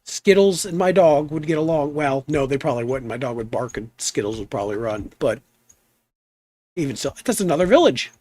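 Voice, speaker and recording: A young man chatting in a relaxed, rambling way while streaming a game, trailing off into asides. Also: fairly high pitch, a little fast, no room sound. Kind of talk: relaxed live stream chat.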